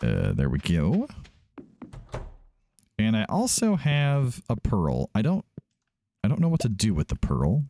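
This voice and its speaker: A man's voice: lowish voice, wildly swooping pitch, measured pace, vocal fry, long pauses, warm tone, a little hiss or hum. A man hosting a let's play, giving casual gameplay commentary, chatty and thinking aloud as he often corrects himself.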